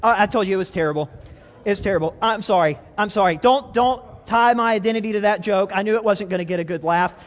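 A man's voice: sits high, fast. A man preaching a conversational sermon, self-deprecating and full of restarts, to a congregation. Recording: long reverb of a hall.

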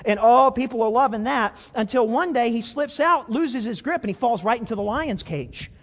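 High-voiced man preaching in a reverberant hall. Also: animated, normal speed, a bit bright. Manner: folksy storyteller, frequent stammered restarts. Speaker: pastor. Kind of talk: sermon with storytelling.

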